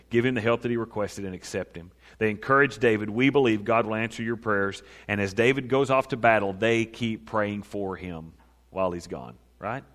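A male pastor preaching a sermon, emphatic, swinging between loud raised declarations and quiet low asides. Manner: emphatic, rising to loud high-pitched proclamation then dropping low. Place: church sanctuary. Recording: reverberant hall.

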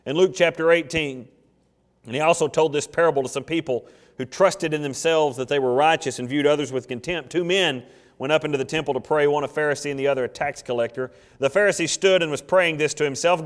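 A man preaching in a church sanctuary with an animated, joking storytelling manner, acting out small scenes as he goes. His voice sits high for a man. A long hall reverb trails behind each phrase. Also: quick pace. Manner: animated, jokey storytelling with acted asides. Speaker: pastor. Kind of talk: sermon.

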